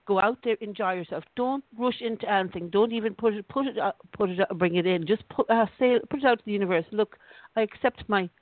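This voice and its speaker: A woman's voice: mid-range voice, fast talker, dry recording. A woman hosting a call-in psychic show, giving a rambling, reassuring reading with frequent restarts. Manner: warm-hearted, rambling, restarts often. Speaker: radio show host, psychic. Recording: dry, tinny phone line.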